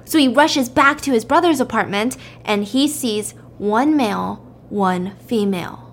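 Animated woman retelling a story. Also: on the high side, unhurried, a little hiss or hum. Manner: animated, acts out the characters' lines in raised voices. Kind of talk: casual storytelling recap.

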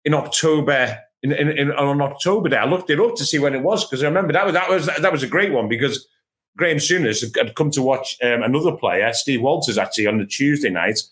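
A man on a football panel in casual chat, telling anecdotes in an animated way and restarting his words often. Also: mid-range voice, fast talker. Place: at home, remote.

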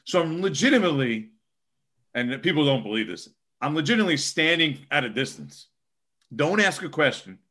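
Sports reporter, male, bright and forceful delivery, casual, filler-heavy storytelling. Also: a little high, big pitch swings, a little fast. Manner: rambling, lots of fillers.

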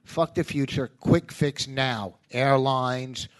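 A man's voice: medium pitch, slow. A man, a comedian guest, talking emphatically in casual podcast chat and often cutting in with "listen". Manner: emphatic, rants with repeated "listen".

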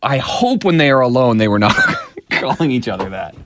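A man's voice: mid-range voice, sing-song, normal speed, noisy background. A man co-hosting a radio show, laughing and sounding awkward in casual banter. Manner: laughing, awkward, easily uncomfortable. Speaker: radio co-host.

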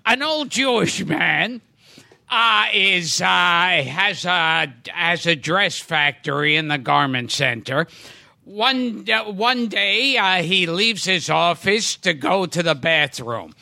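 A male podcast host telling a long comedic joke in a halting, stammering way. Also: high voice, animated, gravelly, sharp tone.

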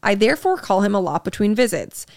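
A woman's voice: medium pitch, sing-song, quick pace, vocal fry, no echo, clean studio sound. A young woman co-hosting a podcast, blunt and swearing, laughing often as she reads listener posts aloud. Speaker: podcast co-host. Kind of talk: casual chat, reading listener posts aloud.

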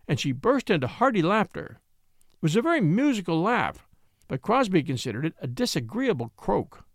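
A man narrating an audiobook in an expressive, animated reading. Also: a little high, normal speed, dry recording, clean studio sound. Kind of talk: scripted narration.

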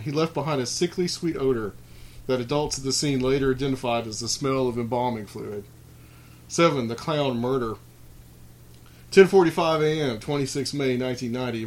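A man's voice: medium pitch, darkish tone, slight background noise. A man hosting a podcast, reading out a list of creepy clown stories and then chatting loosely with many fillers. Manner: reads list items, then rambles with fillers and restarts. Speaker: podcast host.

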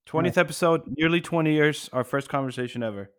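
A man in his thirties co-hosting a casual history podcast, easygoing and quick to agree. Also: a little high. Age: 30s. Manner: easygoing, short agreeing replies. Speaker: podcast co-host.

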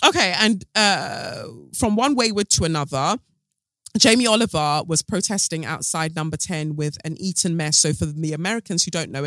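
A chatty man with a fairly high voice runs his podcast like a gossip session. He is sassy and full of sarcastic asides. The sound is dry, with no room around it. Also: fairly bright tone, no room sound. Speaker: podcast host. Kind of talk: casual gossip commentary.

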